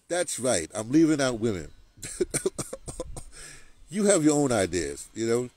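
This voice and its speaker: Male commentator, rambling rant, animated delivery, noisy lo-fi recording. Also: unhurried, pauses often. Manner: rambling, repeats words, lively pitch. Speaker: political commentator. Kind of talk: ranting monologue.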